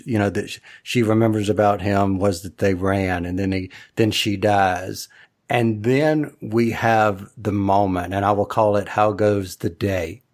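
A man's voice: fairly low pitch, a little mellow. A man hosting a casual discussion podcast, often stumbling and repeating his words. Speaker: podcast host.

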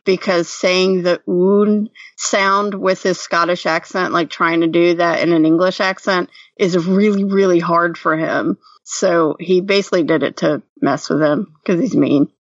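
A woman's voice: lowish voice, fairly even intonation, a little slow, few pauses, no echo. A woman co-hosting a podcast, chatting casually and giving frank opinions with plenty of fillers. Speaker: podcast co-host. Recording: muffled lo-fi, off-mic.

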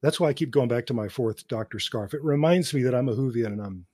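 A man's voice: medium pitch, fast talker, darkish tone, husky, no room sound. A man who teaches cinema, chatting on a podcast and telling film history like a lecturer, laughing between his points. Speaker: podcast co-host; cinema professor. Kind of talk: casual chat.

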